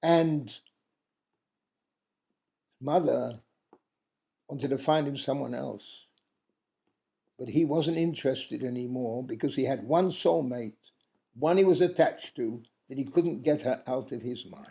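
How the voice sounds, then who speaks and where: A man telling a traditional tale aloud in an unhurried way, pausing often and stopping now and then to correct himself. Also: medium pitch, vocal fry, warm tone. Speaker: storyteller. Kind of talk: oral storytelling of a traditional tale.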